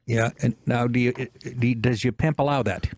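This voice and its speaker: A man's voice: medium pitch, steady tone, moderate pace, a little mellow, no room sound. A man hosting a radio talk show, casually wisecracking and profane, laughing often. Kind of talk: casual studio chat.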